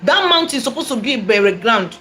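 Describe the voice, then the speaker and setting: A Nigerian-accented woman, a prophetess, tells the story of her personal testimony, animated and repetitive, sprinkling in Igbo phrases. Her voice is fairly high and fast, with a little hiss or hum in the background.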